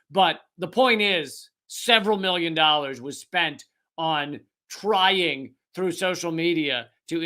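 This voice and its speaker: A man's voice: fairly high pitch, pushed and bright. A man hosting a comedic political commentary show, talking to camera in a sarcastic, profane monologue with rambling asides.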